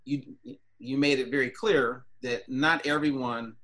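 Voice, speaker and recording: A man's voice: mid-range voice, steady tone, a little slow, a bit bright. A man hosting a podcast in casual chat, speaking hesitantly with many fillers and restarts. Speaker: podcast host.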